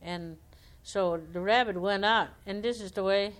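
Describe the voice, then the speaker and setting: Woman storyteller, folksy animal tales, clear voice. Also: mid-range voice, measured pace. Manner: homespun, conversational, animated quotes. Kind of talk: oral folktale telling.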